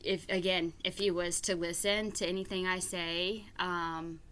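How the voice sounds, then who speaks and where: A woman ranting through reaction commentary, her voice bright and forceful. She speaks slowly and deliberately. She swears and trips over repeated words as her exasperation builds. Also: on the low side, level tone. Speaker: reaction vlogger. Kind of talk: reaction commentary reading viewer comments aloud.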